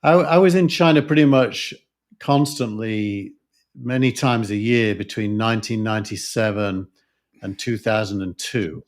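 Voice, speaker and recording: A man's voice: fairly low pitch, measured pace. A man with a Yorkshire accent, co-hosting a podcast discussion, talking thoughtfully with many fillers and restarts. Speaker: podcast co-host. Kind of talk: casual discussion.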